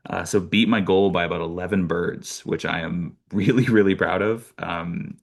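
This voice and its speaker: Young canadian man, very deep voice, gravelly fry, casual storyteller, lots of ums and restarts. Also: moderate pace. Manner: animated storyteller, many fillers and restarts, laughs often. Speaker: birder giving a talk.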